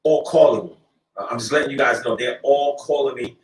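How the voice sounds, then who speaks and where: A man's voice: medium pitch, a little fast, recorded from a distance. A man speaking emphatically to a crowd, repeating his points with many fillers. He sounds roomy and set back from the mic, as if recorded from across a hall. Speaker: clergyman speaking out. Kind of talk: speech to a crowd.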